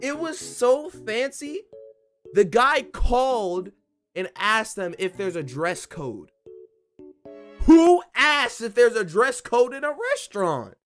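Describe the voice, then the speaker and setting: Excitable man telling a story animatedly. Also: takes it slowly, soft background music. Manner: excitable, bursts into laughing high-pitched outbursts, repeats lines for emphasis.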